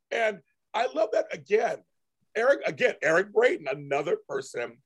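A man's voice: sits high, big pitch swings, normal speed, a bit bright, husky. A man hosting a casual chat show, talking animatedly and acting out characters' lines. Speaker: podcast host. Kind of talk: casual chat about a soap opera.

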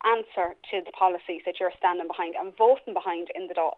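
A woman calling in to a radio show, speaking forthrightly over a phone line. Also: lowish voice. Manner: forthright and quick. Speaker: caller.

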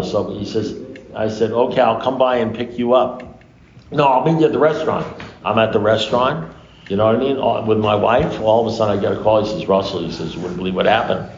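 A man speaking to a recovery meeting, telling a long story in an animated way, acting out the dialogue and swearing freely. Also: fairly low pitch, fairly quick, a little hiss or hum. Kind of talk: storytelling talk to an audience. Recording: echoey room, dull lo-fi sound.

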